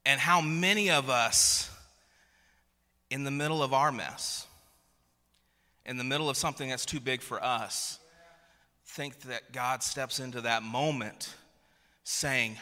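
A man's voice: medium pitch, slow pace, pauses often, pushed and bright. A man in his thirties preaching a sermon, telling a funny family story with frequent restarts and repeated words. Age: 30s. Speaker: pastor. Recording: long reverb of a large hall.

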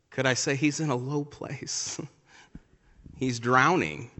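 A man preaching a sermon as a pastor, swinging from loud, emphatic lines to quiet, near-whispered ones. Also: medium pitch, takes it slowly, pauses often. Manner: lively preaching with dramatic swings from loud to soft. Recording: long hall reverb.

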